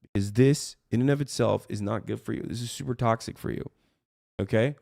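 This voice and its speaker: A man's voice: medium pitch, fairly quick, creaky, darkish tone, no echo, studio quality. A man ranting on his livestream, heated and profane, rambling as he talks to his chat from his streaming room.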